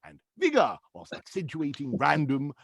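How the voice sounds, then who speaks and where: A man, a comedian and voiceover artist, doing a stand-up set of impressions over a video call, switching fast between put-on voices and laughing at his own jokes. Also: fairly high pitch, wildly swooping pitch, creaky, husky, dry recording, clean studio sound.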